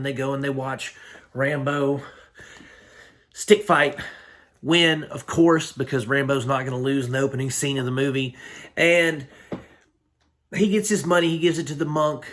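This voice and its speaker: A man's voice: medium pitch, a bit bright. A man recapping a film in a casual, rambling, slangy way, full of fillers. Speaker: film reviewer.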